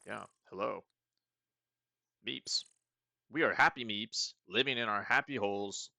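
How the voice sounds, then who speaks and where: A man's voice: fairly low pitch, measured pace, vocal fry, pushed and bright, dry recording, heavily acted. A man voicing a small, furry, laid-back stoner meep from a burrow, drawling and tossing in "like" and "you know" as he plays a game. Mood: mellow, friendly.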